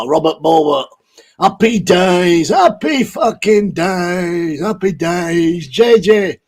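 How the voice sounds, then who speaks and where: Husky, high-voiced man. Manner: rambling, heavy swearing, blunt. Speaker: livestream host. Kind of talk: casual livestream chat reading viewer comments.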